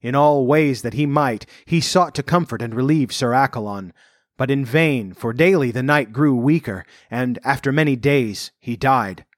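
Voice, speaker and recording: A man reading a medieval legend aloud as an audiobook narrator, in a measured storybook manner. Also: mid-range voice, no room sound, studio quality. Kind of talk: scripted narration.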